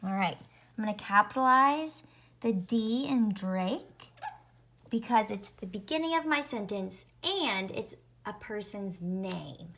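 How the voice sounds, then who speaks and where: A woman teaching a phonics lesson to young children, sounding out each letter slowly and clearly. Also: medium pitch, lively intonation, fairly bright tone.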